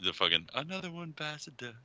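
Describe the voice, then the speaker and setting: A man co-hosting a casual podcast, talking excitably, swearing and laughing a lot. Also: fairly high pitch, fast, dull audio. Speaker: podcast co-host. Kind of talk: casual chat.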